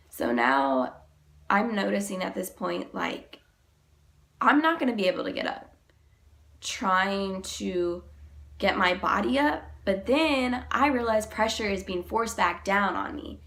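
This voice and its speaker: A young woman vlogger, sick and deeper-voiced than usual, retelling a personal story in a halting, emotional way, full of "like". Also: animated, vocal fry, a bit bright.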